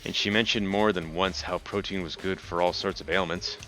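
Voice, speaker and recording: A man's voice: low voice, fairly even intonation, a little fast, bright, forceful tone, faint music behind. A man reading game dialogue aloud during a co-op playthrough, with joking asides. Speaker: let's play host.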